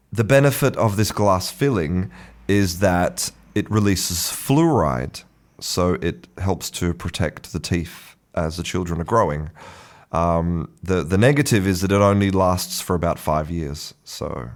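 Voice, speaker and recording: A man hosting an English-learning podcast, explaining a topic in a relaxed, rambling way, restarting sentences and repeating words. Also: low voice, a little slow. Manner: chuckles to himself. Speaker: English teacher and podcast host. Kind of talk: casual spoken lesson.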